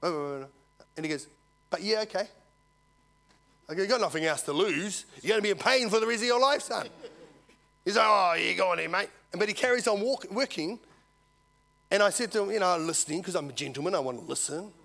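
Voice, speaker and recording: A man preaching a sermon, telling a story and swinging from loud to hushed. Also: high-pitched, brisk, vocal fry, pauses often. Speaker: visiting preacher.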